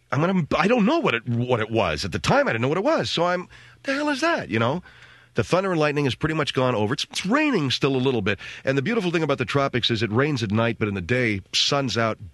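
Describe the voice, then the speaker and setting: This middle-aged man hosts a radio talk show and spins a funny tale with animated, jokey energy, performing voices and sounds as he goes. His pitch is medium, and the recording is dry.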